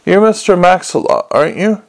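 A man reads as an earnest young watchman in a storybook, raised a little above his own gravelly register. He lays out rules with calm, polite pedantry. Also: sits high, fairly quick, voice pushed up. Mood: earnestly polite.

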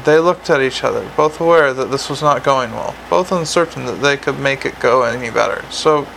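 A man narrating an audiobook in a wry, measured way. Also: mid-range voice, vocal fry, a bit bright, slight background noise, low-quality recording. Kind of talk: scripted narration.

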